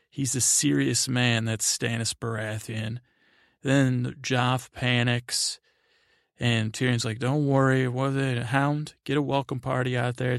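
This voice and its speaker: A man with a gravelly, creaky voice rambles through a casual recap, full of fillers and side remarks. He speaks in a flat tone, close to the mic in a dry room. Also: mid-range voice, no echo. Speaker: podcast host. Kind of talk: rambling sleep podcast episode recap.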